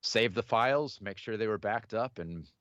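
A man in his thirties, a musician, answering interview questions casually, in a halting way with many fillers and restarts. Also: on the low side, fairly bright tone, no echo, muffled recording. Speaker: musician guest.

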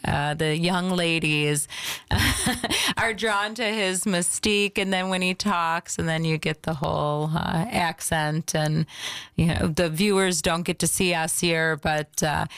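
A middle-aged woman co-hosting, chatty and quick to laugh, with many "uh"s. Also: fairly low pitch, a bit bright, clean tone, no echo. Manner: chatty, laughing, filler-heavy. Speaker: co-host. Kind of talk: casual chat.

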